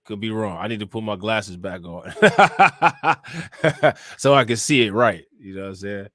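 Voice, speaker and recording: A man's voice: on the low side, measured pace, fairly bright tone, dry recording, clean studio sound. A man hosting a live-stream crime show, talking loosely and conversationally, reading reports aloud and keeping asking the viewers questions. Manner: loose and conversational, keeps asking "you know what I'm saying?"; reads charges and reports aloud, then reacts and questions viewers. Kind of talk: casual live-stream commentary reading news and chat.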